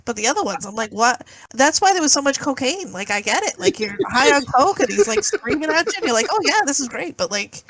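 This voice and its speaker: A woman's voice: high-pitched, very animated, a little fast, few pauses, a bit bright. A young woman co-hosting a comedy podcast, telling rambling blunt stories full of filler words. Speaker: podcast co-host. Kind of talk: casual storytelling chat.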